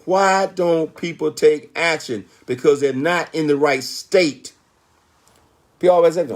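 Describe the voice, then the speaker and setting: An older man, a motivational speaker, gives an emphatic talk in a slightly high voice at a measured pace. He poses rhetorical questions, answers them himself, and keeps checking in with "Okay?"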